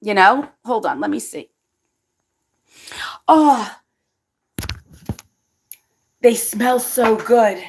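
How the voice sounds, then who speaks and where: A woman hosting her own cooking vlog, chatting casually with viewers, excitable and always exclaiming and laughing. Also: a little high, extremely slow, long pauses, slight background noise. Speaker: cooking vlogger and channel host.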